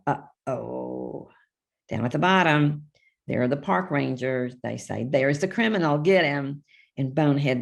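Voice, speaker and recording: Older lady reading her kids' dino book out loud, super low gravelly voice, chatty asides between pages. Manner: chatty, reads character lines with small voice shifts and asides. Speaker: children's book author reading aloud. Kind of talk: live storybook reading.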